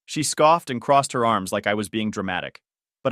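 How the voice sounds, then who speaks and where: A man calmly narrating a first-person story in scripted narration. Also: lowish voice, normal speed, dry recording, clean studio sound.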